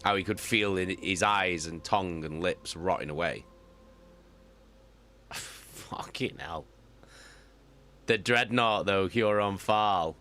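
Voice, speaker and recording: A man who reads audiobooks, chatting casually with live viewers, animated and swearing often as he repeats himself. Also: low-pitched, moderate pace, hardly any pauses. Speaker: audiobook reader and streamer.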